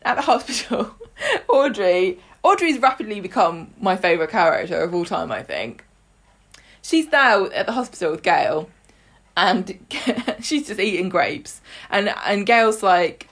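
A woman's voice: mid-range voice, very animated, unhurried, a bit bright. A woman co-hosting a podcast, animatedly retelling soap scenes and mimicking the characters, laughing often. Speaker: podcast co-host. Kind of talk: casual chat recapping a soap.

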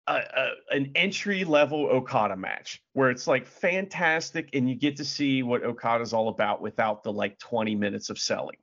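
A man co-hosting a casual wrestling chat, animated, swearing freely and acting out quotes. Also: medium pitch, moderate pace, hardly any pauses. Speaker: podcast co-host. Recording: dull lo-fi audio.

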